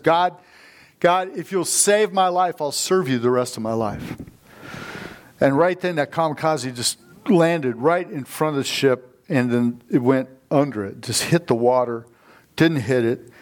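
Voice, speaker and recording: Fired-up male preacher telling stories. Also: mid-range voice. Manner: fired-up, storytelling, calls for amens. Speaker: guest preacher. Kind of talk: sermon. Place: church sanctuary.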